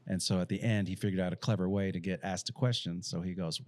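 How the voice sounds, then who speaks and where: A man's voice: sits low, quick pace, few pauses, no echo. A man co-hosting a podcast, telling crude jokes in casual chat with friends. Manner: animated joke-teller. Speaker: podcast co-host.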